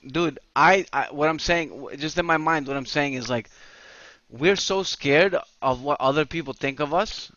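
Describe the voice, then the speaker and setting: A man, telling crude stories on a comedy podcast, animated and profane, laughing often. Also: fairly high pitch, normal speed, dry recording, muffled recording. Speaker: podcast co-host.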